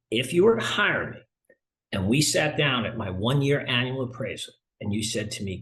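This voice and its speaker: A middle-aged man, a sales consultant being interviewed, who talks in a lively way and acts out dialogue while telling stories. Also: medium pitch, normal speed. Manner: animated storyteller, acts out dialogue. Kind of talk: conversational interview.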